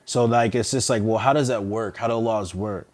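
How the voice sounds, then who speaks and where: A man's voice: fairly low pitch, fairly even intonation, moderate pace, darkish tone. A young man who works as a police officer, chatting casually and telling profane stories full of acted-out quotes. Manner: profane, storytelling, acts out quoted voices. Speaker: police officer and podcast co-host. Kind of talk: casual chat.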